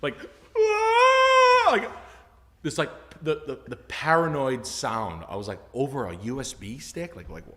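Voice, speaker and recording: A man's voice: mid-range voice, lively intonation, normal speed, fairly bright tone, in a large hall. A man telling funny work stories on a live stream, acting out the voices of the people in them and swearing freely. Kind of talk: casual storytelling chat.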